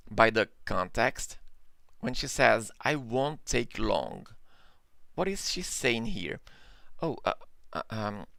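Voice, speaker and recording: A man's voice: mid-range voice, gravelly, bright, forceful tone, dry recording. A man with a Brazilian Portuguese accent teaching a live online English lesson, patiently repeating examples and checking in with "okay?".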